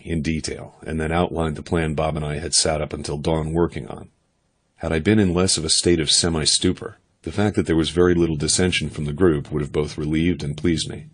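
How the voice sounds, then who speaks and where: A man doing steady, measured first-person audiobook narration. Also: rumbling low, breathy edge.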